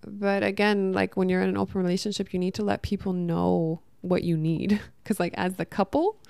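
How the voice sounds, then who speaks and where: A woman's voice: mid-range voice, flat delivery, normal speed, gravelly, darkish tone, clean tone, no room sound. A young woman telling a personal story to camera, emotional and rambling, full of restarts and quoted dialogue, recorded at home. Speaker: vlogger.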